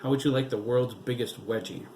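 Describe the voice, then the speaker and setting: A man's voice: mid-range voice, steady tone, brisk, darkish tone, a little hiss or hum, natural voice, poor audio. Male reader as a mischievous teenage joker, teasing tone. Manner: teasing, wisecracking.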